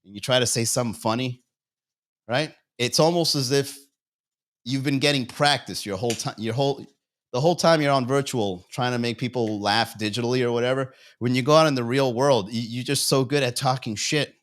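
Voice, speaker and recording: This is a man hosting a loose comedy livestream, rambling from bit to bit with plenty of swearing. He chuckles at his own jokes and talks straight to the viewers in chat, in a voice of ordinary middle pitch for a man. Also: brisk. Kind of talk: casual livestream banter.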